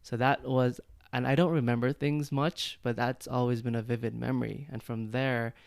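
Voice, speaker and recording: A man's voice: mid-range voice, fairly even intonation, moderate pace, vocal fry, no room sound, clean studio sound. A man in his thirties, born in China and raised in Jamaica, co-hosting a casual podcast chat in a friendly, easygoing way and laughing easily. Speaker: co-host.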